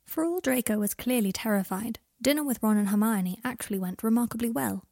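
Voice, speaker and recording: A woman narrating an audiobook of fan fiction in a quiet, intimate way. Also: a little high, brisk, creaky, dry recording, clean studio sound.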